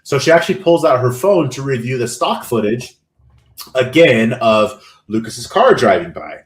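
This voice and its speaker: Man, podcast co-host, casual film recap, acts out quotes, medium pitch, echoey room. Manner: animated retelling with acted-out quotes. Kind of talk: casual chat.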